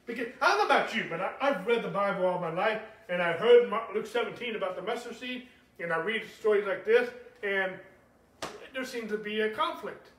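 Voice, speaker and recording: High-voiced animated male preacher, echoey. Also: fairly quick. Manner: animated preaching, rising to shouts, asks the congregation questions. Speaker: pastor. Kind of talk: sermon. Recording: echoey room, speaker far from mic.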